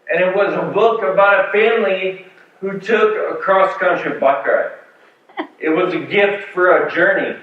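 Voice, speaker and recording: Slow-talking man in an echoey hall. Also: a little high. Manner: storytelling, many fillers and restarts. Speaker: speaker sharing a patient story. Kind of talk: conference talk with slides. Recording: far-off mic in echoey hall, phone-like sound.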